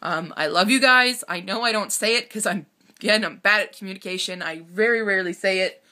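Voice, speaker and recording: A woman in her twenties speaks to her camera at home, close to crying and stopping often to steady herself. Her voice is bright and forward, and her talk is broken by nervous laughs and sighs. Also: medium pitch, fairly quick. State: tearful, on the verge of crying. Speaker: vlogger. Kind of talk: personal vlog confession.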